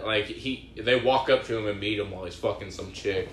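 A man's voice: lowish voice, fairly even intonation, brisk, hardly any pauses, fairly bright tone. A man telling a rambling, profane story in casual chat among friends. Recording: echoey room with faint noise.

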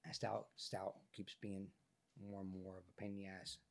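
A man, an actor guest on a podcast, telling a story in a profane, animated way, his voice changed by illness. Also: low-pitched, normal speed, creaky. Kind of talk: casual podcast interview storytelling.

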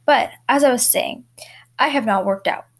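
A teenage girl talks into a home microphone, hosting a solo podcast. Her voice sits a little high, and she rambles through casual chat full of fillers and quick laughs. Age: teens. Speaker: podcast host. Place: bedroom at home.

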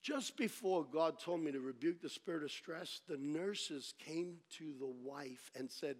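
A man preaching a sermon as pastor, telling a story dramatically, dropping to a hush and then rising to shouts. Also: fairly high pitch, a little slow, few pauses.

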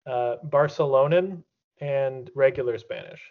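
A man's voice: medium pitch, unhurried. Man, podcast co-host, dry jokes, muffled lo-fi audio. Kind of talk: casual podcast chat.

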